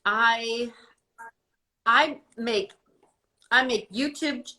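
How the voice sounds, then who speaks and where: A woman from Tennessee, a YouTuber, talking in an unhurried, folksy way on a casual video call. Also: a little high, bright, forceful tone. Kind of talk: casual live video chat.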